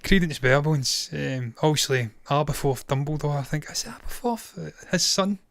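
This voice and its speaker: This film reviewer and live-streamer, a man in his thirties, chats casually and hands out blunt, opinionated verdicts, cursing without hesitation. His voice is fairly high, gravelly and animated at a normal speed, worn and strained from a long stream. The recording is dry and close, with no surrounding room.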